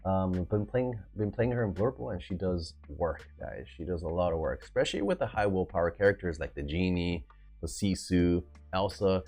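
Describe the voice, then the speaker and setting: A man hosting a casual card game deck review, talking in an excitable, hype-filled way and often trailing off to restart a sentence. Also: sits low, normal speed, faint music behind. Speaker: card game video host.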